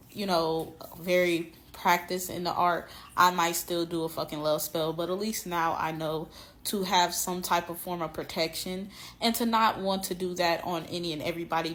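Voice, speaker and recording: A woman's voice: lowish voice, a bit bright. A woman wrapping up a personal story in a casual, blunt, profane way.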